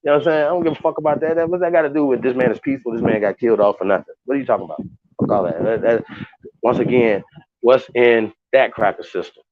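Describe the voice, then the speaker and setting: A man's voice: mid-range voice, quick pace, slight background noise. A man hosting a casual livestream, talking to viewers in a heated, profane, rambling way with many restarts. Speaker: livestream host. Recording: dull lo-fi sound.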